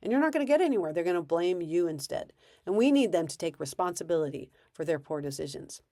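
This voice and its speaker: A woman's voice: on the low side, big pitch swings, quick pace, mellow. A woman coaching parents in a conversational way, now and then acting out what a parent or child might say. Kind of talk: advice talk to parents.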